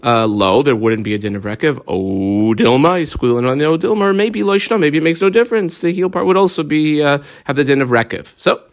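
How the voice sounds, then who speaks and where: A man teaching a Talmud lesson, reading Aramaic phrases and explaining them in English with many pauses and fillers. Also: mid-range voice, animated.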